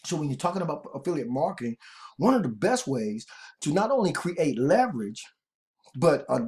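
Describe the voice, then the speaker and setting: Rambling man pitching online marketing. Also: big pitch swings, moderate pace, darkish tone. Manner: rambling, repeats words, often addresses viewers as guys. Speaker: online marketing video host. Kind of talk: casual tutorial talk to camera.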